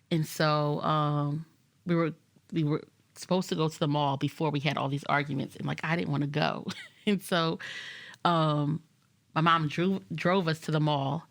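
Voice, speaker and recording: A woman in a casual Bible study group telling a personal story, animated and laughing often. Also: low voice, creaky.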